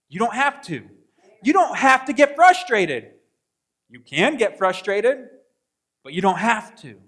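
A man preaching a sermon in a church, talking to the congregation in a conversational way, getting loud in some spots and dropping soft in others. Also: high voice. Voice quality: tall speaker, says he is six five. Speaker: pastor. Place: church sanctuary.

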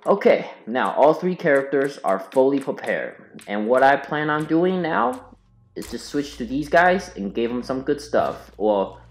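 A man's voice: mid-range voice, sing-song, a little slow. A man hosting a casual let's-play, thinking aloud to his viewers in a mumbly way. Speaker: gaming channel host. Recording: roomy room sound, faint game music. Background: faint game music.

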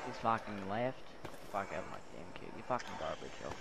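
Canadian male gamer, brash and profane, loud gunfire behind him. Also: lowish voice, sing-song, brisk, vocal fry. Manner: brash, swearing, calls others bud. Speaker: gamer streaming with squad. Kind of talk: profane game chat. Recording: loud gunfire and game noise.

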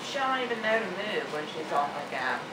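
A woman's voice: lowish voice, big pitch swings, fairly quick. A woman chatting casually in a home video, teasing and blunt in a slangy way. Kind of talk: casual chat. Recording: echoey room, far from mic, noisy.

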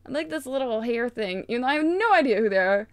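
A young woman chatting casually as she unboxes toys, bubbly and excitable, gushing and gasping often. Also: fairly high pitch, quick pace, smooth, no room sound, clean studio sound. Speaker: toy unboxing vlogger.

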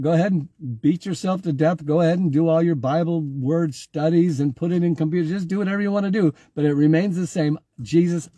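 A man's voice: a little high, mellow, slightly rough, no echo. A man giving an informal online sermon, talking conversationally, repeating himself and calling on viewers by name. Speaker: pastor.

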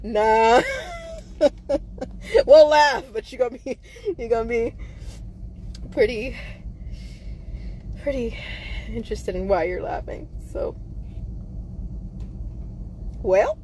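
A woman host speaking to her viewers in an emotional monologue, laughing nervously between angry, profane outbursts and swinging from quiet mumbling to loud intensity. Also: on the high side, slow pace, long pauses, a little hiss or hum.

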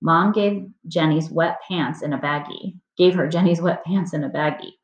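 A woman reading a children's chapter book aloud in a steady storytelling manner. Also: low voice, moderate pace, a little hiss or hum. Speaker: reader. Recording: roomy dull lo-fi recording.

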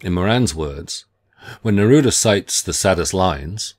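Man, very low voice, middle-aged, scripted literature lecture, measured and deliberate delivery. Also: animated. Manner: measured, deliberate reading with careful phrasing.

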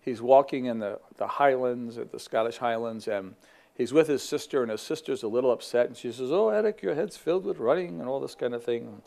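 A man's voice: mid-range voice, fairly even intonation, brisk, a little mellow. A middle-aged man, a ministry vice president, giving a reflective faith talk in a conversational way with many fillers and restarts.

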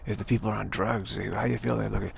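A middle-aged man with a strongly gravelly, fry-laden voice talks through a rambling, upbeat pep talk. He repeats his points with eager enthusiasm. A faint hiss of noise sits under the recording. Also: fairly low pitch, steady tone, fast. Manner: enthusiastic, repetitive, chuckling often. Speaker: speaker giving a pep talk. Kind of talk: rambling motivational monologue.

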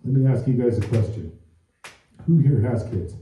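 A self-mocking stand-up comedian rambles through his stories. His voice is very dark and mellow, and it echoes strongly, picked up from far across the room. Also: medium pitch, expressive, normal speed. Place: comedy venue before a live audience.

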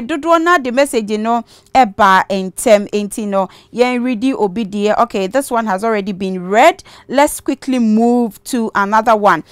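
A woman's voice: a little high, clean tone, dry recording, studio quality. A woman with a Ghanaian accent hosting a church call-in program, reading viewer messages aloud and blessing each sender. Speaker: host.

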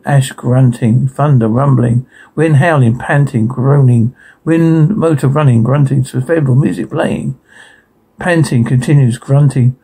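Gravelly man reading sound cues. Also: mid-range voice, measured pace, poor audio. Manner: flat listing of sound cues. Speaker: narrator. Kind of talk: reading a horror episode transcript aloud.

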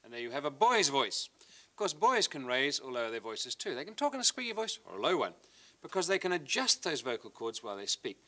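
A middle-aged man presents a science lesson at a fairly quick pace and medium pitch. He's lively and hands-on, explaining as he demonstrates with a model.

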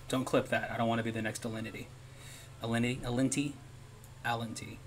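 A man's voice: medium pitch, level tone, fast, long pauses, slight background noise. A man hosting a live stream, chatting casually and rambling, laughing often and dropping into murmurs and whispers. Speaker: streamer host.

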